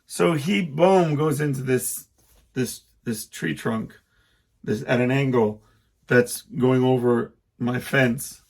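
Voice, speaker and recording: A man's voice: mid-range voice, takes it slowly, creaky. A middle-aged man hosting a podcast, telling a rambling personal story in a casual monologue and acting out the quotes. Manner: rambling, self-interrupting, acts out quotes. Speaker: podcast host.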